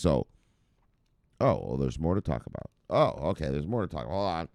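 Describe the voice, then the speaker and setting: A man's voice: very deep voice, very animated, fairly quick, creaky, a little mellow, no echo, clean studio sound. A man hosting a crypto news show, reading articles aloud and riffing on them in a profane, rambling way. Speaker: crypto news channel host.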